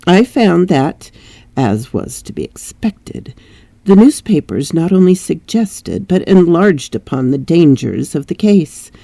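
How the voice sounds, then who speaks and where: Mellow, expressive woman reading a novel. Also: on the low side, slow, gravelly, no echo. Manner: expressive storytelling. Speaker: audiobook narrator. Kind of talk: reading a classic novel aloud.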